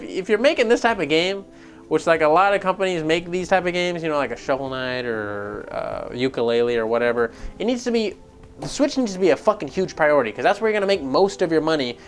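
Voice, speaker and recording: A man's voice: a little high, animated, quick pace, soft background music. A man hosting a gaming news show, ranting in casual, profane and sarcastic commentary.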